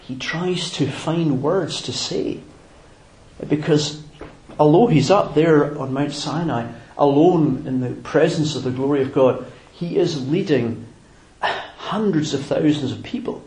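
A man preaching a sermon in a measured, reflective way, pausing on fillers and restarting phrases. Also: a little high, darkish tone, reverberant, poor audio.

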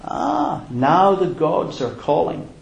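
A man preaching a sermon as a pastor, emphatic and deliberate with long pauses. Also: on the high side, sing-song, creaky. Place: church. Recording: roomy church hall.

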